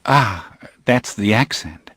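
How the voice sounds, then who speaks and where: A man's voice: lowish voice, animated, takes it slowly, pushed and bright, husky, dry recording, studio quality, heavily acted. A man voicing a nervous, timid young male interviewer, who speaks in a hesitant, eager way.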